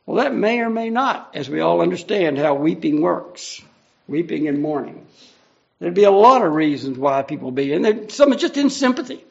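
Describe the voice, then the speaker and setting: High, gravelly male preacher, lo-fi. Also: animated, normal speed. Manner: earnest, conversational, explaining each verse. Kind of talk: verse-by-verse Bible teaching. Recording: dull lo-fi recording.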